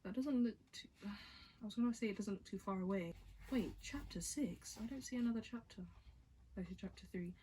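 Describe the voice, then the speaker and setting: Her voice is a bit high and a bit quick, warm in tone, with a light hiss or hum underneath. Reading a novel for her vlog, this woman trips over lines and breaks off to giggle and chat, casual and self-interrupting throughout.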